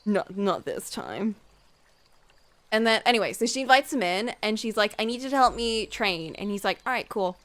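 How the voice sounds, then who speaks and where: A young woman streamer casually retelling a book she loves, animated, full of fillers and acted-out quotes. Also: fairly high pitch, fast, hardly any pauses. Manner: animated storyteller, lots of "like", acts out dialogue in quotes. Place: home room while drawing on stream.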